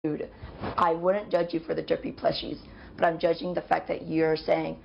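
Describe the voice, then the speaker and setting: Gravelly, lecturing woman in a lo-fi clip. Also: low voice, flat delivery, normal speed. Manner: lecturing, confrontational. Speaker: roommate in a confrontation. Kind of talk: heated confrontation. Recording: dull lo-fi clip with faint noise.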